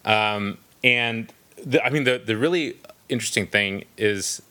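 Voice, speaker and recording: A man with a bright voice discusses a book in a relaxed conversation. He thinks aloud, pausing and restarting often as he searches for words. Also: lowish voice. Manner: thoughtful, halting, many restarts and ums. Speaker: book podcast co-host.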